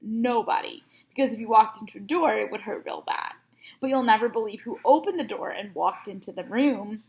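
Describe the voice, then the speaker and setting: A woman, a teacher, reading a children's chapter book aloud in a lively, animated way. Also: a little high, brisk, creaky, lo-fi sound. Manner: lively, animated read-aloud with bursts of loud character lines.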